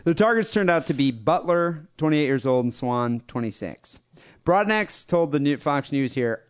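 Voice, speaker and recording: A man's voice: a little high, expressive, moderate pace, clear, resonant tone. A man with a Midwestern American accent hosting a podcast. He reads news stories aloud in a loose, jokey way and laughs often between lines. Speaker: podcast host. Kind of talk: casual chat, reading news stories aloud.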